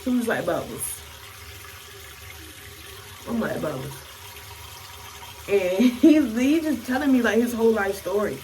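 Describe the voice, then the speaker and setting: A young woman with a Maryland accent, telling a casual storytime to her camera in a slangy, animated way. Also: a little high, a little fast, hardly any pauses, far from the mic, a little hiss or hum, low-quality recording. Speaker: vlogger.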